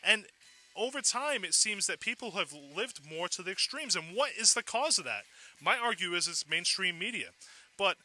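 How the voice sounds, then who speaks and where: A man hosting a call-in talk radio show, energetic and conversational, posing questions to listeners. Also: high-pitched, low-quality recording.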